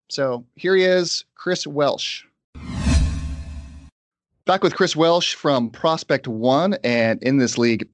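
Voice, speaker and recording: A man hosting a sports podcast, talking in a brisk, opinionated and conversational way. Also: fairly high pitch, no room sound. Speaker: podcast host. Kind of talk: casual sports podcast chat.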